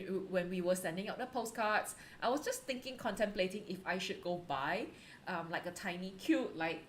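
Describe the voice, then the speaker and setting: A woman's voice: medium pitch, fairly bright tone, a little hiss or hum. A woman hosting an art livestream in casual, chatty talk, giggling often and filling her speech with "like" and "um". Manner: chatty and giggly, full of fillers.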